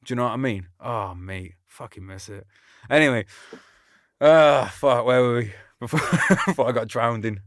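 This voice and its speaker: A British army veteran hosts a podcast in a casual chat, speaking at medium pitch and a moderate pace. He rambles, swears freely and laughs often. The studio-quality recording has no room sound.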